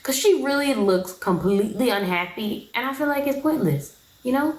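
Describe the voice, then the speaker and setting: A woman's voice: a little high, lively intonation, normal speed, reverberant, rough recording. A young woman giving a casual, opinionated recap of a reality show in a slangy, chatty way.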